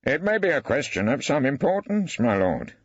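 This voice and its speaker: An actor playing an elderly barrister in an audiobook, questioning with arch, ironic politeness. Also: male voice, medium pitch, big pitch swings, moderate pace, husky, no room sound, voice pushed up. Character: wry elderly male barrister, mock-polite. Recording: dry, slightly dull studio.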